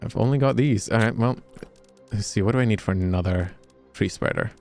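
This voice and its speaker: With vocal fry and a darkish, low voice, a Scottish man streams a game a little fast. He chats casually with his audience, joking and cursing freely, as soft music plays.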